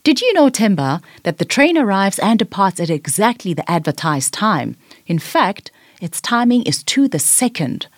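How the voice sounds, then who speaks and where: A woman voicing a patient big sister who explains things to her little brother in a gently bossy way. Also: mid-range voice, sing-song, normal speed, dry recording, studio quality. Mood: explaining.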